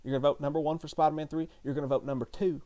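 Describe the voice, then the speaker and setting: A man's voice: fairly high pitch, fairly even intonation, rapid-fire, mellow. A man co-hosting a live movie stream in loose, profane, joking banter, sometimes hollering to rally viewers.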